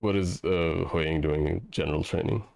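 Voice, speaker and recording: A man narrating as game master over an online voice call, with a halting, filler-heavy way of talking. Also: low voice, vocal fry, a little mellow, dry recording, studio quality. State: audio cutting out.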